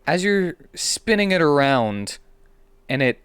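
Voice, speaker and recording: A man narrating as game master of a comedic tabletop game, playful and animated. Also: mid-range voice, slow pace, pauses often, smooth, dry recording.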